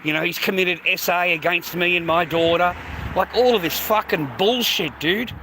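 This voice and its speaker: A man's voice: high-pitched, normal speed, background noise. A man talking unscripted on his livestream, ranting emphatically and repeating himself, often tossing in "mate" and "man". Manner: peppers speech with "mate" and "man". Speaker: livestream host.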